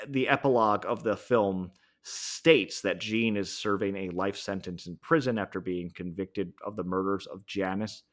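A man's voice: fairly low pitch, a bit bright. A man hosting a podcast, casually recapping a series finale and thinking aloud with frequent ums and self-corrections. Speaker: podcast host. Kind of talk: solo podcast review.

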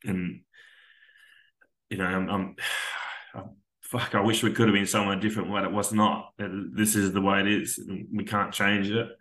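A man's voice: lowish voice, level tone, moderate pace, a bit bright. A man, a veteran on a podcast, telling a raw, candid personal story and swearing freely. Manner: raw, candid, swears often, acts out dialogue. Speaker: podcast guest, army veteran. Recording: roomy echo.

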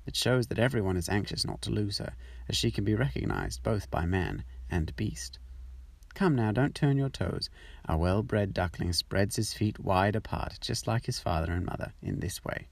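A man's voice: on the low side, very animated, moderate pace, creaky, dry recording, exaggerated voice. A man voicing a fussy, proud mother duck in a storybook reading, anxious and doting. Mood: instructive.

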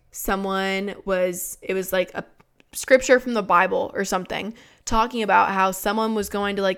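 Candid young woman with a gravelly voice. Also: medium pitch, fairly bright tone. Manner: frank and swearing, many "like" fillers. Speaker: podcast host. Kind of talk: candid personal storytelling.

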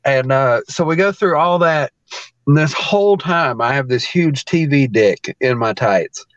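A man's voice: medium pitch, a little slow, dry recording, highs cut off. Laughing man telling a wrestling story. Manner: animated, laughs often, acts out quotes. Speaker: pro wrestler guest. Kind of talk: casual storytelling.

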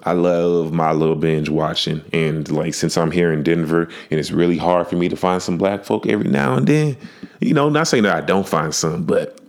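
Low-voiced male podcast host, relaxed and profane, joking monologue. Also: moderate pace.

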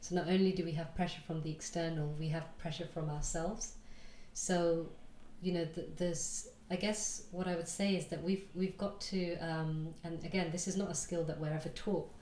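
A woman with a somewhat low voice walks through her thoughts on a podcast, reflective and full of small fillers. The sound is roomy and echoey. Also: fairly even intonation, normal speed, warm tone, slight background noise. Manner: reflective, explanatory, with many fillers. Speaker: guest coach. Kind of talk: casual interview chat. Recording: echoey room.

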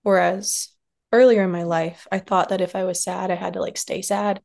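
A woman in her thirties talks gently and openly as an interview guest, her medium-pitched voice carrying a light fry. She speaks from the heart, trailing off into pauses and soft fillers. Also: flat delivery. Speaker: podcast guest, somatic practitioner and dance teacher. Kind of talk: reflective conversational interview.

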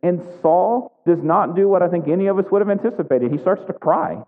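This preacher's high voice moves a little fast as he reads scripture and talks conversationally, frequently adding "right?". The narrow, tinny recording carries a long reverb tail.

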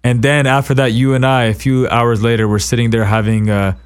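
A male podcast host runs a relaxed interview chat in an animated way, full of quick asides and easy laughter. His voice sits in a middle pitch. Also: clear, resonant tone.

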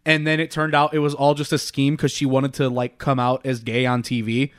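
A man's voice: medium pitch, flat delivery, brisk. A young man chatting casually as a podcast co-host, rambling with lots of fillers and swearing. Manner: rambling, filler-heavy and profane. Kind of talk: casual chat.

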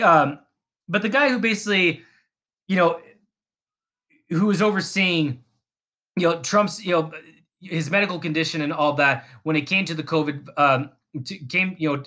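Ranting podcast host, angry and profane, rambling, bright and forceful tone. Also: male voice, a little high, moderate pace. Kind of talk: political rant.

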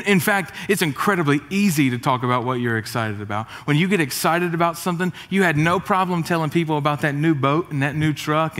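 A middle-aged man, preaching a sermon with jokes and energetic, rising emphasis. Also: a little high. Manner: energetic, joking, rising to shouts. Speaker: pastor. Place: church auditorium. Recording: reverberant church hall.

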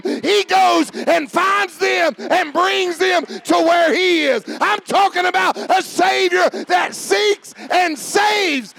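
Gravelly high-voiced preaching man. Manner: builds from quiet talk to shouted preaching; calls on church members by name. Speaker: pastor. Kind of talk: sermon. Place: church.

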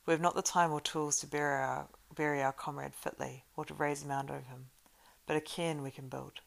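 A calm elf archer speaks in earnest, formal phrases, as a woman reading a storybook gives him voice. The tone is low with a gravelly edge. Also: fairly quick.

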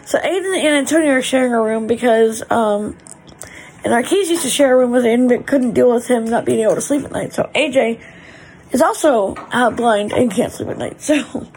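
High-voiced mom, gushing. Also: female voice, moderate pace, a little mellow, slight background noise, poor audio. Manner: gushing, chatty, with fillers. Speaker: mother and family vlogger. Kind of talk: casual home vlog. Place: family home.

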